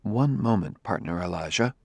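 Casting: man reading a calm, formal partner, soft and measured, low voice. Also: creaky, husky, no room sound, exaggerated voice.

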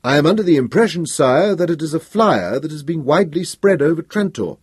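A man voicing a composed, deferential first minister in an audiobook, measured and polite. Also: a little high, expressive, a little mellow, slightly rough, no echo, clean studio sound, voice pushed up. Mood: calm. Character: calm, deferential adult male first minister. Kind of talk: audiobook character voice.

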